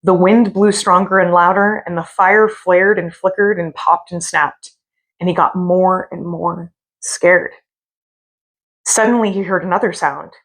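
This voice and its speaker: A woman reading a scary story aloud from a hotel room, with slow, drawn-out dramatic delivery. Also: fairly low pitch, a bit bright.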